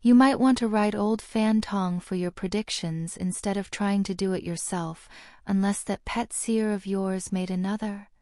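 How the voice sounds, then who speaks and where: A woman's voice: mid-range voice, fairly even intonation, normal speed, darkish tone, dry recording, close to an everyday voice. A woman voicing a stiff, sardonic male wizard ambassador with an Australian accent, talking curtly and dryly in an audiobook reading. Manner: curt and dry.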